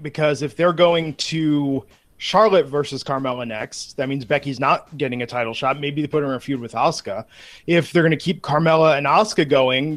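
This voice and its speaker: Slightly high-voiced podcast host man. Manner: conversational, steering topics, fillers. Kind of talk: casual chat.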